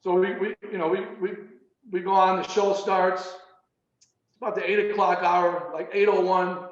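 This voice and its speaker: A man casually telling a personal story on a video call, animated and repeating words as he goes. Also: high-pitched, measured pace. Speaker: meeting participant. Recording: roomy, muffled video call audio.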